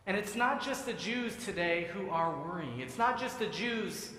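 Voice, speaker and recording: A man's voice: high voice, lively intonation, moderate pace, hardly any pauses, sharp tone, a little hiss or hum. A man, a rabbi, giving a sermon in a synagogue sanctuary, telling jokes in a preacher's rhythm. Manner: joke-telling preacher, quoting voices in a punchline rhythm. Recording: echoey sanctuary with long reverb.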